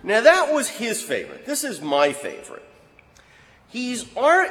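Animated male storyteller in a reverberant hall. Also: on the high side. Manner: animated storyteller who acts out quotes. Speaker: speaker giving a history talk. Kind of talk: anecdotal lecture.

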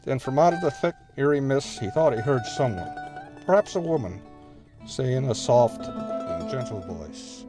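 An older man, an author and guide, telling local history and reading aloud from his book with many hesitant pauses. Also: medium pitch, animated, music in the background.

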